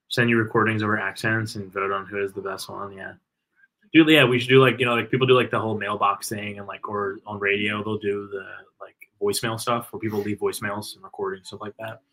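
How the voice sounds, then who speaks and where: Fast-talking bright-voiced man. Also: on the low side, poor audio. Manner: rambling, filler-heavy, excitable. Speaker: co-host of a fan watch-party stream. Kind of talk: casual live game-watching chat.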